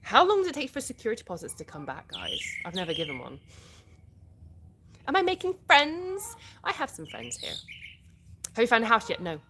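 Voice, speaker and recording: A woman's voice: lowish voice, very animated, fast, noisy background. A British woman from the UK hosting a casual livestream, reading out viewer comments and answering them in a chatty way. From United Kingdom.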